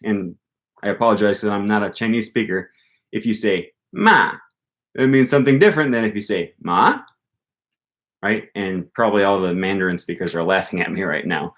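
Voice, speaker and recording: A young man casually explaining language learning to his viewers, chatty, with frequent ums and okays and emphatic stresses in his examples. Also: on the low side. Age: young adult. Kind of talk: casual explanatory talk answering viewer questions.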